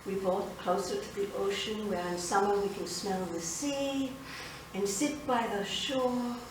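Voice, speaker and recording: An actress in a solo theatrical monologue, playing an older immigrant grandmother who tells her story with expressive, indignant energy, recorded from a distance in an echoey theater. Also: mid-range voice, measured pace, noisy background, lightly acted. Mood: recounting. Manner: expressive storytelling, switching between wistful and fiery. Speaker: solo stage performer. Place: theater stage.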